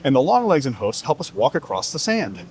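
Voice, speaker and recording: A patient mother camel gives her son calm, plain explanations, as a man plays her. Her voice stays steady and unhurried at a middle pitch. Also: slight background noise.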